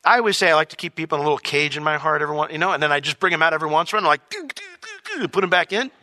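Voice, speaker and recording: Male Bible teacher, slightly high and very bright voice. Talks casually, acts out dialogues, reads verses more softly. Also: racing, dry recording, clean studio sound, in a large hall. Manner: animated, acts out imagined dialogues in shifting voices; reads scripture aloud in a lower, softer voice.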